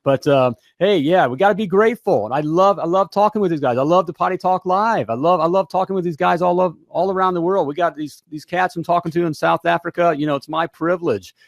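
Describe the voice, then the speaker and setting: A man's voice: high voice, fast talker, creaky, hardly any pauses, dry recording. An American man hosting a live talk show from a home studio, talking in an upbeat, rambling way with lots of fillers and repeats. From United States. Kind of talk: casual live show chat.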